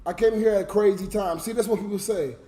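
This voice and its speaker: Crying and ranting while drunk, a livestreamer and YouTube comedian speaks directly to his viewers and swears throughout an emotional late-night livestream. His voice is high-pitched, fast and warm, echoing around the room.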